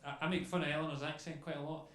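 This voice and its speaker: A young man doing stand-up comedy, telling stories in a chatty, animated way and swearing freely. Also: a little high, very fast. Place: comedy club stage before a crowd. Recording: echoey club with crowd laughter.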